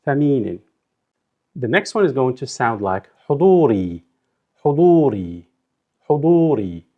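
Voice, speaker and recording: Slow, patient man teaching pronunciation. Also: medium pitch, big pitch swings, narrow, tinny audio. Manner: slowly drills and repeats words, drawing out syllables. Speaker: Arabic teacher. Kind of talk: slow instructional explanation.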